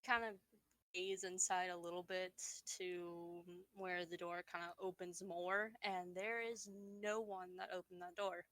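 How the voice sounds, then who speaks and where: A woman narrating as dungeon master of a tabletop game, relaxed and often laughing, with frequent fillers. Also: fairly low pitch, measured pace, dry recording, rough recording.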